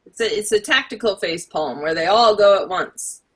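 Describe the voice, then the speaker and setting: A young adult woman co-hosting a podcast, chatting casually with animated, opinionated asides. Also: medium pitch, moderate pace, slightly rough. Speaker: podcast co-host. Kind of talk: casual chat.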